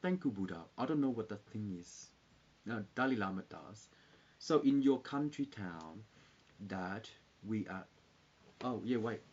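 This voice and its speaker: A man rambling in a loose, halting live-stream chat with viewers, full of fillers and restarts. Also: on the low side, animated, a little mellow. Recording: dull lo-fi recording.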